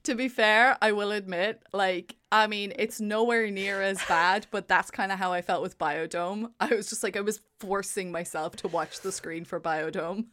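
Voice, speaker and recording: A woman in casual chat reviewing a film, wry and sarcastic, given to quick exasperated rants. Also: medium pitch, fairly even intonation, fairly bright tone. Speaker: podcast co-host.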